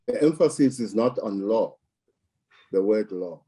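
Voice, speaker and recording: A man from South Africa giving measured political commentary, deliberate and emphatic, repeating words for stress. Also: on the low side, lively intonation, mellow, slightly rough.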